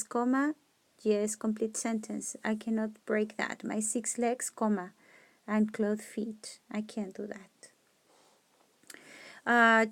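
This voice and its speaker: A woman teacher talks slowly through test questions, rereading each sentence and thinking aloud as she corrects herself. Her voice sits a little high. The recording is close and dry, with no room sound, as if captured on a tablet. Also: no echo. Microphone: screen-recording mic on a tablet.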